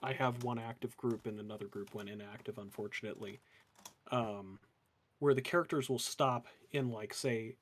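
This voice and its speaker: A man chatting casually in a flat, monotone voice that can sound sarcastic. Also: medium pitch, moderate pace. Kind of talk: casual chat.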